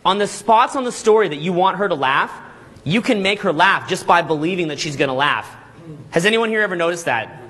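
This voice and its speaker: Man, high voice, husky edge, energetic seminar coach, keeps asking okay, all right. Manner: acts out little scenes in quick put-on voices. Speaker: dating coach and boot camp instructor. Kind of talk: live seminar lecture to a group.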